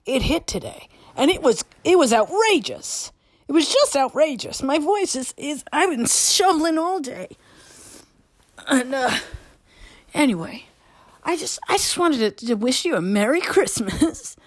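A woman doing a comic impression of a tired, hoarse old stage diva who rambles in a voicemail from her bed. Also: high-pitched, no echo, studio quality. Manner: rambling, dramatic, drifts between topics, drops to a whisper. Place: lying in bed at home.

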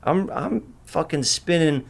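Brash, profane man talking fast. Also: on the high side, animated, gravelly. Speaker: podcast host. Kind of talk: casual podcast chat.

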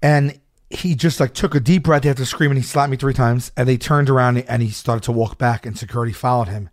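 A man telling a story in a casual chat, stammering and loudly acting out the people in it. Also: medium pitch, fairly quick. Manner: animated, acts out a shouting wrestler and his own stammering. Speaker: storyteller guest.

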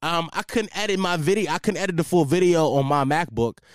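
A man's voice: fairly high pitch, a little fast, dry recording, clean studio sound. A young man hosting a casual solo podcast, talking in a profane, rambling way and losing his train of thought. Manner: profane, rambling, loses track, animated storyteller. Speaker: podcast host.

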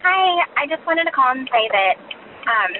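A woman's voice: high-pitched, very animated, normal speed. Emotional woman on a noisy phone line. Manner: emotional, tearful gushing. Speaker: caller. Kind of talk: phone voicemail message. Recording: phone line with loud background noise.

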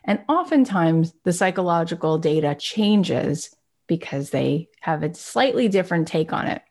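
A woman's voice: on the low side, animated, normal speed, a little mellow. A woman giving a candid, reflective motivational talk. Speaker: speaker.

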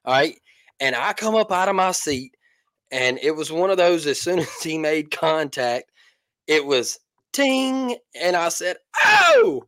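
A man co-hosting a casual sports talk podcast, hoarse with his voice mostly gone, talking excitedly and laughing often. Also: fairly high pitch, moderate pace, no room sound. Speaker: podcast co-host.

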